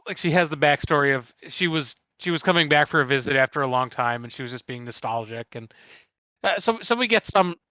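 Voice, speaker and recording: A man with a Midwestern accent, co-hosting a casual podcast chat, halting and swearing casually. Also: on the high side, expressive, sharp tone, no room sound. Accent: Midwestern American. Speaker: guest host.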